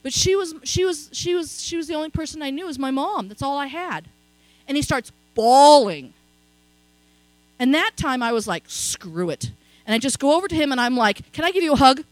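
A middle-aged woman preaching in a high, lively voice that swoops up and down as she tells a story. Her delivery is conversational and she checks in with her listeners as she goes. The sound is dry and close, with a faint mains hum underneath. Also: normal speed, no echo, poor audio. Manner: conversational storytelling, frequent "okay?" asides. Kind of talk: sermon.

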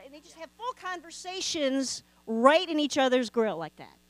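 Woman preacher, sermon, fairly high voice, dry sound, mains hum in background. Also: lively intonation, moderate pace, few pauses, dry recording, poor audio. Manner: conversational, with rhetorical questions to the congregation. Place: church sanctuary.

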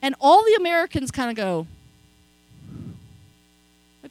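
A woman's voice: high-pitched, very animated, normal speed, long pauses, rough recording. A middle-aged woman preaching a sermon in a conversational storytelling way, often checking in with her listeners. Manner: conversational storytelling, frequent "okay?" asides.

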